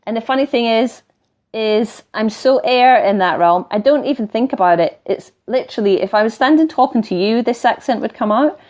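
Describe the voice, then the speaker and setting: A middle-aged woman with a softened Scottish accent, talking casually on a live stream as a spiritual teacher, wandering off topic and laughing now and then as she coaches viewers. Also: fairly high pitch, animated, moderate pace. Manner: chatty and digressive, laughing often, coaching tone. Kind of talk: live-stream talk, reading viewer comments.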